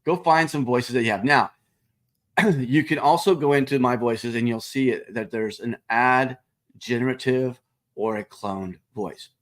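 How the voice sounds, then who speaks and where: Over a live screen-share, a man of medium pitch demonstrates a software product at a measured pace. His tone is casual, and he speaks directly to viewers as he covers each step.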